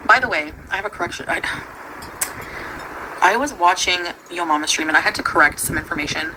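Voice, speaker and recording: A young woman rambles through a casual home livestream. She talks loosely, piles up fillers and breaks into short laughs. The stream recording carries clear background noise. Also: fairly low pitch, fairly quick. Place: at home with her pets.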